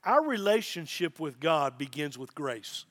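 A man's voice: on the high side, big pitch swings, measured pace, fairly bright tone. A middle-aged man, a pastor, preaching a sermon with emphasis and repeated phrases.

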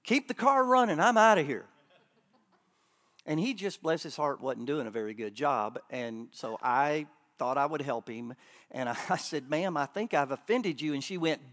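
A man preaching a sermon at a church conference, joking with the crowd and swinging between loud bursts and quiet asides. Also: a little high, animated, normal speed.

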